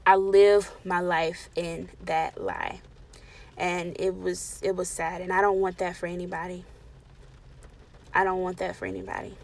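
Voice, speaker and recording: A woman preaching a sermon with passion, swinging between loud emphatic declarations and soft, intimate pleading, and repeating key phrases for emphasis. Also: on the low side, level tone, measured pace, gravelly.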